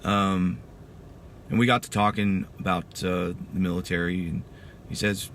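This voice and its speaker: Speaking a little slowly in a low-pitched, level, somewhat bright voice, a Texan veteran in his thirties gives his testimony. He recounts his story in a casual, emphatic way and says "dude" frequently. Slight background noise is audible.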